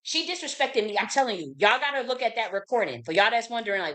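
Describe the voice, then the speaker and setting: A woman, hosting her own channel in a heated, casual rant. She talks in a fairly high voice, swearing freely, repeating herself and circling back with indignation. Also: animated, fast, a bit bright. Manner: profane, repetitive, indignant. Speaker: channel host.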